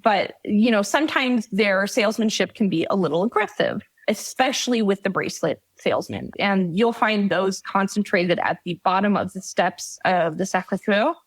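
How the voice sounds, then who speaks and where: Female podcast guest, mid pitch, dry close sound, direct and emphatic advice-giver. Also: lively intonation, normal speed, few pauses, no room sound. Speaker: guest, travel guide author. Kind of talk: casual conversational interview.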